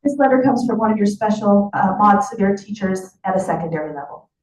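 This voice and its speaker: A woman addressing a school board as a union vice president, reading a teacher's letter in a measured, formal way. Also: mid-range voice, expressive, darkish tone. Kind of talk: public comment reading a letter. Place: large public meeting hall. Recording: echoey hall, distant mic, faint ambience.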